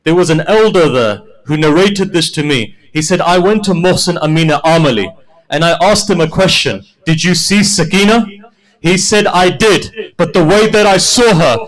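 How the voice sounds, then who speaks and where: A man delivering a mourning sermon, narrating stories with quoted dialogue. He moves from quiet storytelling to a high, loud, wailing climax. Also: animated, normal speed, low-quality recording. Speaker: preacher.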